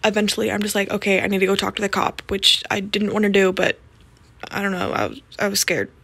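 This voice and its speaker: A woman's voice: mid-range voice, little pitch movement, fast, gravelly, fairly bright tone, husky, dry recording. A woman vlogger giving a blunt, sweary, self-mocking voice-over recap.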